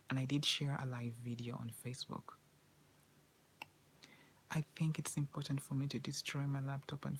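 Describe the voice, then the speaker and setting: A woman's voice: very deep voice, vocal fry, a little mellow, a little hiss or hum, rough recording. A woman vlogger in a whispered personal monologue, talking in a rambling, repetitive and anxious way.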